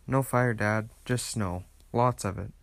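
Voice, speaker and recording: A man's voice: lowish voice, a little slow, gravelly, no room sound. A man voicing an eager, boastful young boy in a storybook reading. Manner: exclaiming, boastful. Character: eager excited young boy hockey player.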